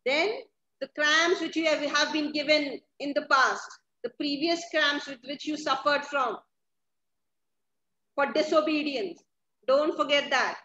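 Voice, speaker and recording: A woman's voice: high-pitched, unhurried, pushed and bright. A woman teaching a literature lesson, paraphrasing each line of a play and often checking in with her listeners. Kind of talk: classroom lesson explaining a play. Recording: echoey, slightly dull, faint background noise.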